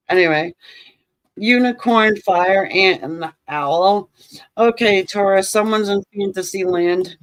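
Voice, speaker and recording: A woman's voice: mid-range voice, measured pace, no echo, low-quality recording. Woman tarot reader, casual and sarcastic, cursing freely, dry close sound. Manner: joking, sarcastic and profane, laughs often.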